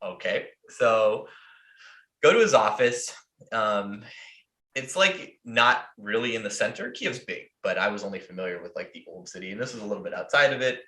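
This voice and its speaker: An American man tells a story in a loose, profane ramble that is full of fillers. His voice is fairly low yet bright and forward. The recording carries a roomy echo. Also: animated, moderate pace. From United States. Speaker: podcast host. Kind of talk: casual storytelling.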